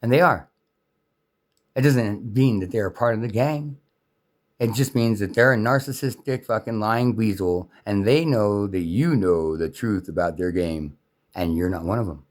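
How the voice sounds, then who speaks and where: A man's voice: lowish voice, normal speed. A man in an angry, unscripted rant, talking in a heated, profane and repetitive way.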